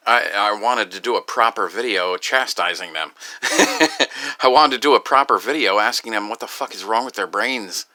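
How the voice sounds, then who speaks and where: A grieving, upset man talking in a rambling personal vlog, halting and profane, with many restarts. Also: on the low side, sharp tone. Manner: halting, profane, full of restarts and "you know". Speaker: video creator.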